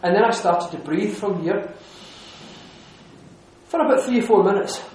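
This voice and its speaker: A man telling a lively story to an audience, laughing often and restarting his sentences. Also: high voice, normal speed, slight background noise. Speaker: speaker giving a talk. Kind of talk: lively anecdotal talk to an audience. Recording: echoey hall.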